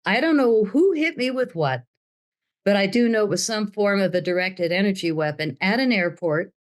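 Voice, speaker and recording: A woman's voice: mid-range voice, lively intonation, moderate pace. An older woman telling her story as an interview guest, dramatic and acting out the voices of others. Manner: dramatic, acts out quoted voices.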